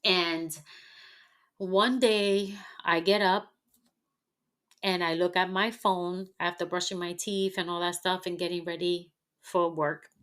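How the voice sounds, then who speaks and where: Woman, podcast host, reflective monologue, very slow delivery, candid, heartfelt, halting. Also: fairly low pitch, steady tone, fairly bright tone, clear, resonant tone.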